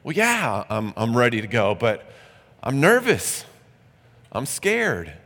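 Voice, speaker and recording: A man's voice: mid-range voice, wildly swooping pitch, slow, a bit bright, exaggerated voice. A man voicing an anxious Israelite father who talks hesitantly and stammers, heard with long hall reverb.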